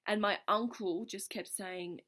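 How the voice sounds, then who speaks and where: A woman's voice: medium pitch, steady tone, a little slow, fairly bright tone. Earnest woman recounting a personal experience. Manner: reflective, earnest, speaks in loose run-on phrases with frequent "like". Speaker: vlogger. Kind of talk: casual personal storytelling to camera.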